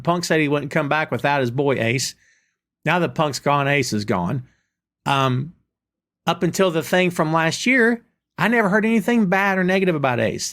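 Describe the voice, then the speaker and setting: A man hosting a casual podcast, his voice sitting a little higher than most. He is opinionated and speaks directly to his listeners, often repeating points for emphasis. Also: fairly bright tone. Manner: opinionated, talks straight to listeners. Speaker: podcast host. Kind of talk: casual chat.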